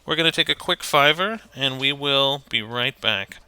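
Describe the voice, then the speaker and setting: A man's voice: mid-range voice, bright, forceful tone, smooth, dry recording. A man acting as game master of a tabletop game stream, talking casually and laughing between rulings. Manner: casual, laughing, quick asides.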